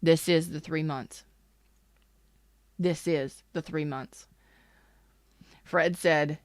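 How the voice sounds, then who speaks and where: A woman's voice: lowish voice, fairly even intonation, slow pace, pauses often, fairly bright tone, clear, resonant tone, no echo, clean studio sound. A woman giving a casual live tarot reading, blunt and emphatic, and she swears freely. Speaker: tarot reader.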